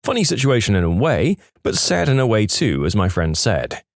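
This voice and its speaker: A man reading reddit stories aloud, telling them with lively storytelling and brief put-on voices for quotes. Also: on the low side, normal speed, creaky, dry recording, clean studio sound. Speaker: story narrator.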